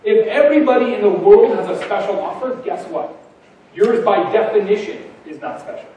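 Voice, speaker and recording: A man giving a conference keynote, punchy and energetic, full of rhetorical questions. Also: high voice, moderate pace, very echoey, far from the mic, a little hiss or hum, poor audio. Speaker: keynote speaker. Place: large conference hall.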